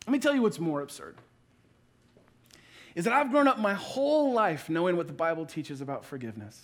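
A man in his thirties preaching a sermon, playful and storytelling, acting out little everyday scenes with quick asides. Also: high-pitched. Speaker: pastor.

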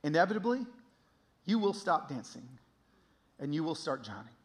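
A man in his thirties giving an emotional sermon testimony, swinging from hushed to loud. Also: fairly high pitch, big pitch swings, moderate pace.

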